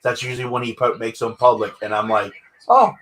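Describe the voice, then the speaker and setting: A man's voice: medium pitch, level tone, fast talker, a bit bright. A man hosting a casual interview over a video call. He talks in a loose, rambling way, repeats his words, and likes slipping into impressions. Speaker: host. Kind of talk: casual chat.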